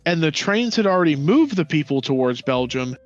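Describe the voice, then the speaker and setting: A podcast co-host chats casually about history in a fairly high, fairly quick voice with big pitch swings. He is profane and sarcastic, mocking nations by acting them out in quoted voices. The sound is dull and lo-fi with faint music and no echo.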